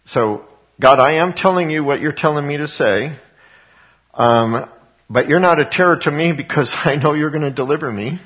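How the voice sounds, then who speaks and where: A man's voice: fairly high pitch, normal speed, slightly rough, muffled recording. A man preaching a sermon, reading scripture aloud and explaining it in a conversational way, with frequent fillers and repeated words, rising to emphatic passages.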